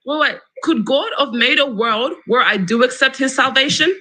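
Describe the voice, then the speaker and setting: A man hosting a live stream, arguing combatively and cutting in with quick rebuttals. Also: very high voice, sharp tone, rough recording. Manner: combative, interrupting, fast rebuttals. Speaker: livestream host. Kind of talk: argumentative live-stream debate.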